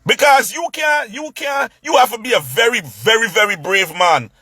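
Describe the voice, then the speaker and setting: A man telling a story in a casual rant, animated, stumbling over repeated words and acting out what others said. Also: sits high, normal speed, slightly rough, dry recording.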